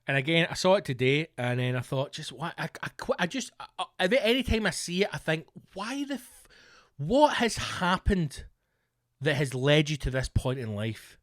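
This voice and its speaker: A man's voice: on the high side, big pitch swings, normal speed, fairly bright tone, no echo, studio quality. A Scottish man hosting a solo comedy podcast, ranting with constant swearing and exasperated rhetorical questions. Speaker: podcast host.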